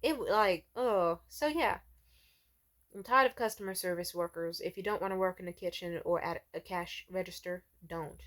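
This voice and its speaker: A young woman telling a story in a casual vlog rant, exasperated, swearing often and talking in an animated way. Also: lowish voice, moderate pace.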